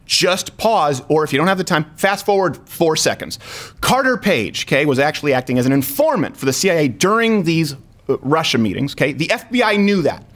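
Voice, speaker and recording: A man in his thirties hosting a political comedy talk show, animated and joking with fast asides. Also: on the high side. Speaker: show host.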